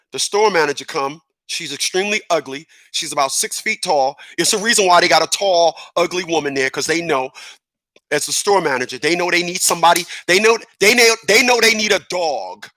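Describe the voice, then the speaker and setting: A man's voice: fairly high pitch, animated, a little fast, sharp tone, no room sound. A middle-aged man giving a casual opinion monologue, emphatic and repeating words as he builds his point. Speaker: commentator.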